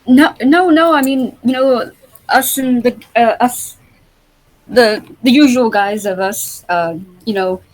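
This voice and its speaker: A woman's voice: a little high, slow pace, poor audio. Woman playing a skinny nervous young cleric: stammering, apologetic, a bit scatterbrained. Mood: rambling. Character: skinny jittery young male priest, flustered and forgetful.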